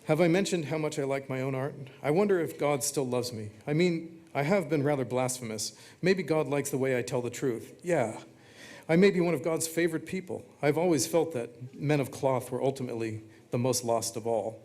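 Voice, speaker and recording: A man reading his own text aloud, delivering short confessional quips in a flat, deadpan way. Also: mid-range voice, fairly quick.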